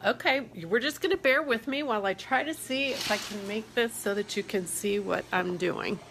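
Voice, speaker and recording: A woman's voice: mid-range voice, moderate pace, vocal fry, background noise. A woman talking casually to her phone camera in a hotel room, telling a story in a chatty way. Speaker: vlogger.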